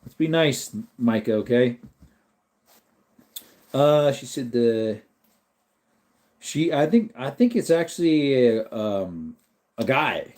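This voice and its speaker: A man's voice: medium pitch, big pitch swings, slow pace, long pauses, a little mellow. A man hosting a casual livestream, reading out viewers' chat and talking to his dog in between. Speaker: livestream host.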